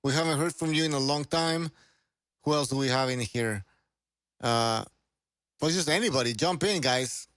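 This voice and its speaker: A man hosting a casual livestream podcast, hyper and loud, repeating himself often. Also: mid-range voice, moderate pace, pauses often, dry recording. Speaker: podcast host.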